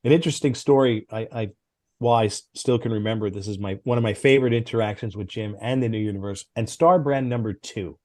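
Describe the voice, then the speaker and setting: Animated middle-aged man telling stories. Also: on the low side, fast talker, no room sound, clean studio sound. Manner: animated, acts out quoted dialogue. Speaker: guest, former comics editor. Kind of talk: interview storytelling.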